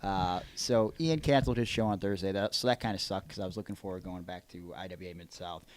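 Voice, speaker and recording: Man, podcast host, lowish voice, rambling, hesitant, casual chat. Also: fast, no echo. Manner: rambling, hesitant, lots of restarts and ums.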